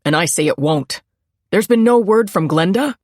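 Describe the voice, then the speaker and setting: A woman narrator voicing a steely male agent who speaks crisply and in a businesslike way. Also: high voice, animated, moderate pace, no echo, studio quality.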